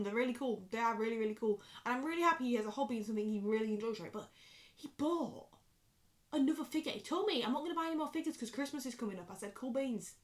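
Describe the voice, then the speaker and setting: A British woman in her twenties ranting casually to the camera, swearing freely and going off on rambling tangents. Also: on the high side. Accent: British English. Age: 20s. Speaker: vlogger.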